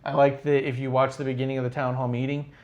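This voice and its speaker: Animated male wrestling podcast host. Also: quick pace. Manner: animated, mimics wrestlers in exaggerated high voices. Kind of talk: casual chat.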